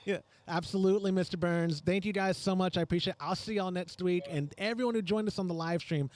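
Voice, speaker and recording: A man hosts a homebrewing podcast, chatting in a loose, joking way that keeps drifting off topic. His voice sits a touch higher than most men's. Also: fast, crowd noise. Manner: joking, rambling, apologetic. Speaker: podcast host. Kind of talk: casual live-stream chat.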